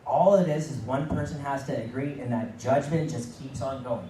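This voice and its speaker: A man's voice: mid-range voice, moderate pace, dark tone, slight background noise. A middle-aged man giving a motivational keynote talk, repeating phrases for emphasis and acting out quoted dialogue. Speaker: keynote speaker. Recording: echoey room, mic at a distance.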